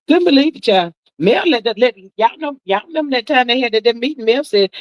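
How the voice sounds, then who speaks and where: A woman in her sixties hosts a livestream, drawling through chatty gossip and calling everyone "child" and "honey." She talks fairly quickly with few pauses, lively and swooping high for emphasis. The audio is poor, with no echo.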